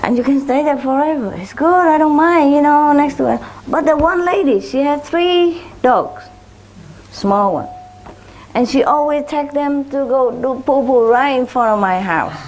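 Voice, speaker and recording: A woman's voice: sits high, a little slow, darkish tone, slight background noise. A woman spiritual teacher telling chatty anecdotes to her followers in simple, loose English. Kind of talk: informal talk to followers.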